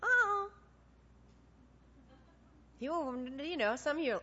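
Animated woman preaching, bright lo-fi sound. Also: high voice, slow, pauses often. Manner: animated, acts out dialogue with God. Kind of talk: sermon. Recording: dull lo-fi sound.

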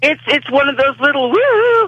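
A woman calling in to a radio show, talking in a rambling, halting way. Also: high voice, big pitch swings, dry recording. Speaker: caller. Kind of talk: phone-in chat. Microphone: phone. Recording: tinny phone line.

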